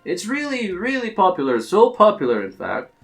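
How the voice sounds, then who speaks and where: A chatty innkeeper woman who gushes and flatters her guest, her voice lifting and swooping playfully, as a player voices her while reading game dialogue. Faint music runs underneath. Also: mid-range voice, moderate pace, creaky. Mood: flattering. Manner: gushing and flattering.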